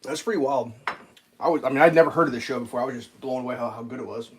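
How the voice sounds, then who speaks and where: A man talks in a loose, rambling way, swearing freely and trailing into fillers. His pitch sits at an ordinary middle height. Faint noise runs underneath him, with cutlery and dishes clinking now and then. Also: fairly even intonation, racing. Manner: rambling and profane, with frequent fillers and laughs. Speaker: live streamer. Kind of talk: casual rambling chat.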